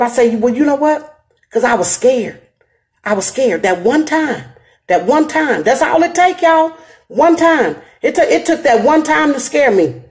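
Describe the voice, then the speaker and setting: A middle-aged woman with a high voice and an African American Vernacular English accent hosts a live stream. She gives her viewers earnest, direct advice, speaking emphatically and repeating her phrases.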